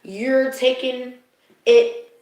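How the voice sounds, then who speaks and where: A woman with a fairly high voice gives a live spiritual card reading, speaking straight to her viewers. She is emotional and confiding, laughs easily, and keeps checking that the listener is following. The recording is drenched in the echo of a bare room. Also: steady tone, very slow, a little mellow. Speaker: spiritual reader. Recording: very echoey room.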